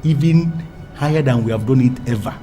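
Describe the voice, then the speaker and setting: A man's voice: medium pitch, brisk, mellow, soft background music, natural voice. An actor with a Nigerian English accent playing a domineering man who threatens his lover in grandiloquent, repetitive speech. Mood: threatening. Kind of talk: Nollywood film acting.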